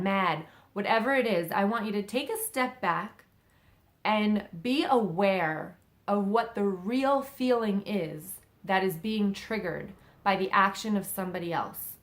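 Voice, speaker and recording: A woman's voice: medium pitch, unhurried. A young adult woman giving casual spiritual advice, talking in a loose, conversational way with many fillers and checks of "okay?". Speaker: psychic medium giving spiritual guidance.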